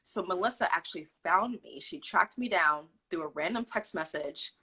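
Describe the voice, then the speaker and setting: A young adult woman telling a personal story in an interview, animated and quoting people as she goes. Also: on the low side, moderate pace, a little hiss or hum, poor audio. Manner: animated, acts out quotes with fillers like "like". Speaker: guest telling her story. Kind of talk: candid storytelling.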